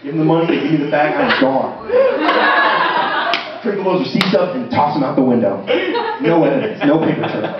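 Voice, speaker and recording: A man's voice: fairly high pitch, brisk, long pauses, over a noisy crowd. A young man performing a stand-up comedy set on a university stage, self-deprecating and conversational, with frequent ums. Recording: roomy, distant, dull, audience laughter. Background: audience laughter.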